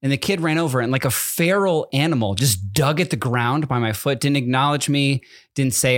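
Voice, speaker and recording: A man's voice: mid-range voice, moderate pace, no echo, studio quality. A man in his thirties, a podcast co-host, chatting casually and telling a rambling story with many self-corrections. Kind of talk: casual chat.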